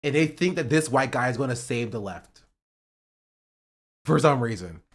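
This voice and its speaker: Animated ranting male streamer. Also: medium pitch, moderate pace. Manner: animated, swings from loud outbursts to muttering; swears, says "bro", repeats himself. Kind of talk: heated political rant on a livestream.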